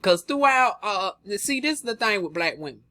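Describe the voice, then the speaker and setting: A man's voice: high voice, expressive, normal speed, sharp tone, no room sound. A young man in a sassy, flamboyant gossip commentary vlog, drawling "honey" between his remarks. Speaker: gossip vlogger.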